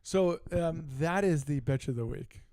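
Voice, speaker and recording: A man's voice: on the high side, measured pace, dark tone, no echo. A middle-aged man co-hosting a sports talk show, telling a long story in casual chat and acting out both sides of the conversations. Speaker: podcast co-host.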